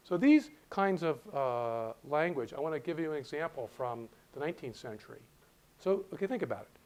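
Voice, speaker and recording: A middle-aged man lectures students in a loose, conversational way. He stops and restarts his phrases often. He slows down to read quoted passages aloud. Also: mid-range voice, expressive, a little mellow, rough recording. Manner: conversational, halting with restarts, reads quotations aloud slowly. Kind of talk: university lecture.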